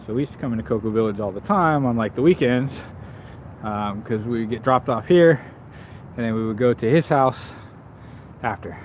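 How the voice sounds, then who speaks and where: A man's voice: mid-range voice, normal speed. A man streaming live while riding a bike through town, rambling and self-deprecating with frequent laughs. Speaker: bike shop owner and vlogger. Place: outdoors on town streets with passing traffic. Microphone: camera on the rider, action camera. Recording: outdoor street noise from traffic. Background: traffic and street sounds.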